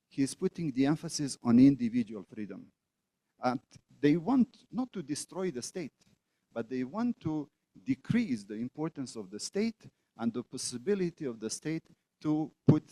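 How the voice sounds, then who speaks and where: Man, middle-aged, guest lecturer, mellow voice, dry sound, halting with uh pauses. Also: medium pitch, dry recording. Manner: deliberate, with frequent "uh" pauses and repetitions. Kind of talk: academic lecture. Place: auditorium.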